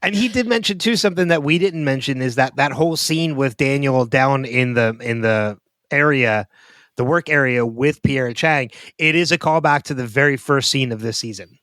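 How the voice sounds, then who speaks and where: A man co-hosting a casual podcast, relaxed and a little halting as he talks. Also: medium pitch, dry recording, clean studio sound. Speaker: podcast co-host.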